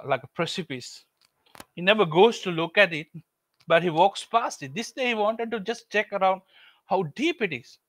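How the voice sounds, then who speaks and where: Male preacher, earnest and repeating key lines, highish voice, dry close sound. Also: fairly bright tone, no echo. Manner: earnest, repetitive exhortation with storytelling. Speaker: pastor. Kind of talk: sermon.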